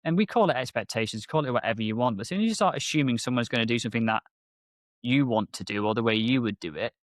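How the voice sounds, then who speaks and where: Animated man on a podcast. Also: fast, no echo, studio quality. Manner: animated storyteller, acts out exchanges with rising pitch. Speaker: podcast co-host, MSP business owner. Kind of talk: casual podcast chat.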